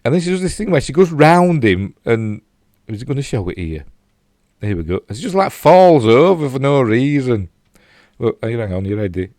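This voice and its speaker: A man's voice: medium pitch, very animated, moderate pace, darkish tone, no echo, clean studio sound. An older man with a Yorkshire accent casually reviewing a TV episode, rambling with fillers and self-mocking asides while he replays clips. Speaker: TV show reviewer.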